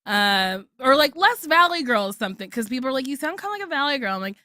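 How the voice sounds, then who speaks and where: A woman from New Jersey in her thirties hosting a comedy podcast, brash and joking with quick asides. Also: high-pitched, big pitch swings, pushed and bright, no room sound, clean studio sound. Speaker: podcast host. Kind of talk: casual comedy podcast chat.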